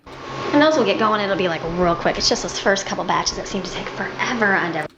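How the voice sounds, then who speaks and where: A woman's voice: medium pitch, fast talker. A woman casually narrating her cooking in a home kitchen. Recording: echoey, dull clip with kitchen noise. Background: clattering dishes and pans.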